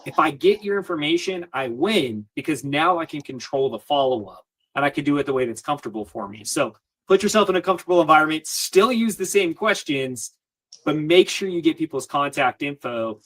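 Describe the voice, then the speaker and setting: A man's voice: on the high side, lively intonation, fairly quick, fairly bright tone. A man as an interview guest, giving advice in a confident coaching manner and repeating his key points.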